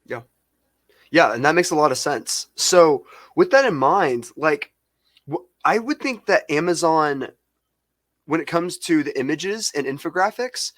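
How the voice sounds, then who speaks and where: A man's voice: on the high side, lively intonation, fairly bright tone, dry recording. Casual man asking questions, dry sound. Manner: casual, with many "like" fillers and quick agreements. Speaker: marketing expert co-hosting a webinar. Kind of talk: webinar conversation.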